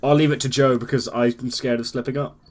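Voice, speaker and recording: A man's voice: medium pitch, flat delivery, a little fast, darkish tone. A young man playing in a tabletop game, joking around and trailing off. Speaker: player. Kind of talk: casual group role-play chat.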